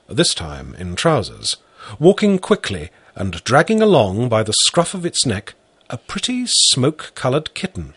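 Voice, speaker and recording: A man narrating a story in the first person, reading slowly and expressively. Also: medium pitch, slightly rough, dry recording. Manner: slow, animated storytelling.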